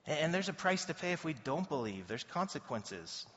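A man giving a casual, animated sermon as a pastor, often slipping into quoted voices. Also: a little high, moderate pace. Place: church hall. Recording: dull sound in a reverberant hall.

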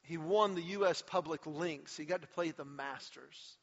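A man with a fairly high voice preaches a sermon, leaning into his stories and acting out quotes with mounting energy. The sound is slightly muffled, and his voice rings with a long reverb, as in a large church sanctuary. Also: normal speed. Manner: animated storyteller, acts out quotes with rising energy. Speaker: pastor. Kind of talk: sermon with storytelling.

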